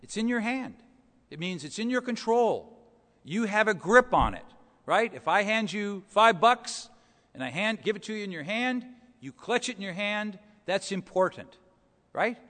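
A man's voice: high voice, animated, normal speed, fairly bright tone, big-room sound. A man preaching a sermon, explaining scripture verse by verse in a conversational way with rhetorical questions.

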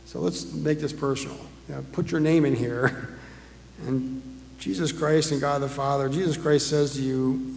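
A man's voice: mid-range voice, fairly even intonation, moderate pace, vocal fry, darkish tone, a little hiss or hum. A man preaching a sermon as a pastor, talking conversationally and putting rhetorical questions to the congregation. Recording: echoey hall with long reverb.

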